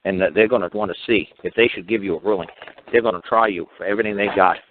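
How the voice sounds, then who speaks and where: Fast-talking, profane man on a tinny phone line. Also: on the low side, steady tone, a little hiss or hum. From United States. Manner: blunt, profane, emphatic and repetitive. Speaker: regular talk show speaker. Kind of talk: casual storytelling monologue.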